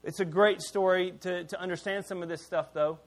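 A middle-aged man preaching a sermon in a conversational, candid way, with self-deprecating asides and quiet drops for emphasis. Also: high voice, fairly even intonation, fairly quick. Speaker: pastor.

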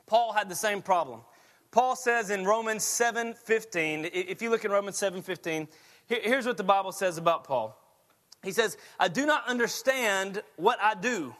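A man's voice: sits high, expressive, unhurried, long pauses, fairly bright tone. A man preaching a sermon in a chatty storytelling way, laughing often as he tells stories. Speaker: pastor.

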